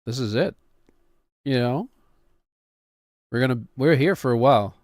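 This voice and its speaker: A man's voice: medium pitch, animated, measured pace, darkish tone, no room sound, clean studio sound. A man in his thirties, a streamer who chats casually in a rambling, wry, self-mocking way. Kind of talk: casual chat.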